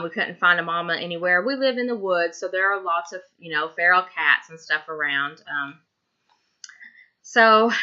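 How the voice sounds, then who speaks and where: A woman's voice: fairly low pitch, bright, forceful tone, lo-fi sound. A woman in her thirties from Tennessee with a Southern accent, chatting casually to camera in a rambling way with many ums. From Tennessee, USA. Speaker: craft vlogger.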